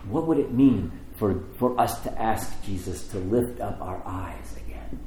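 A man's voice: lowish voice, lively intonation, measured pace, mellow, slight background noise. A man preaching a sermon, telling the story with animation and acting out the voices in it. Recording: echoey room with faint ambience.

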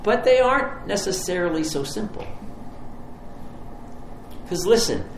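A man's voice: high voice, big pitch swings, unhurried, creaky, slight background noise. Conversational male pastor in a roomy hall. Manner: conversational, vivid storytelling. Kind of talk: sermon. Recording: roomy hall, faint ambience.

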